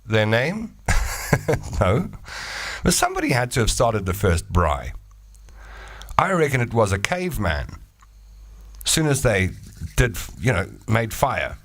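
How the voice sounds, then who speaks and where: Jokey South African man hosting. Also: on the low side. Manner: rambling, jokey storytelling. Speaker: show host. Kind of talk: casual livestream chat reading viewer comments.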